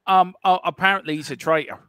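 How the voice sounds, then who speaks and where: High-sitting and a bit bright, the voice is clean and quick, with no echo. It belongs to a Cork man from Ireland co-hosting a live football watchalong, whose banter wanders, teases and laughs, full of fillers.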